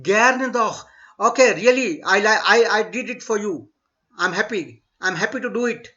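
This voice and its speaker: A man teaching a German class online, speaking slowly and repeating words for students to echo. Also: high voice, pushed and bright. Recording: dull lo-fi online class audio.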